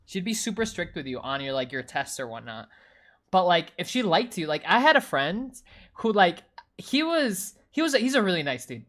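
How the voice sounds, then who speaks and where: A young adult woman streaming, chatting casually with her viewers in a slangy, animated way full of swearing and fillers. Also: medium pitch.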